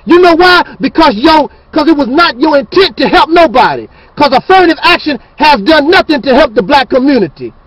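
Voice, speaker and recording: A man's voice: extremely high pitch, big pitch swings, fairly quick, hardly any pauses, a bit bright, no room sound, low-quality recording. A man hosting his channel, ranting in a fiery, preachy and scornful monologue. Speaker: channel host.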